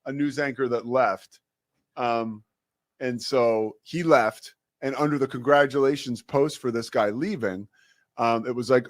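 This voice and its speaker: A man's voice: mid-range voice, a little slow, dry recording. Man chatting on a talk show, dry sound. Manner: conversational, repeats words when starting sentences. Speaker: host. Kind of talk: casual chat.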